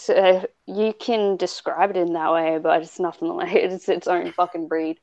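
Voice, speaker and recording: A woman's voice: lowish voice, fairly even intonation, unhurried, a little mellow, no room sound. An Australian woman co-hosting a casual chat, brash, laughing and swearing a lot. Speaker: co-host.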